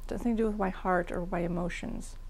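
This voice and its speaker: A woman's voice: fairly low pitch, steady tone, fast talker, a little mellow. A middle-aged woman teaching meditation, giving a frank, plain-spoken dharma talk and guided practice with a self-deprecating edge.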